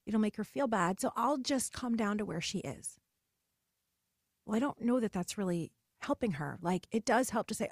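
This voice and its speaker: A middle-aged woman hosting a podcast, talking in a chatty, animated way and acting out the voices she quotes. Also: medium pitch, brisk, no echo, studio quality. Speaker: podcast host. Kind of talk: casual solo podcast monologue.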